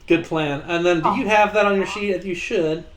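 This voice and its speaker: Man, game master, tabletop game, slightly high voice, easygoing, joking, explains the rules. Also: normal speed. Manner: relaxed, joking, guides players through rules.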